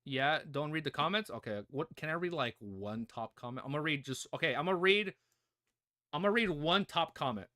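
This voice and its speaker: A man hosting a livestream reaction, chatting excitedly with viewers and his puppy. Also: a little high, brisk. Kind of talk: casual livestream reaction chat.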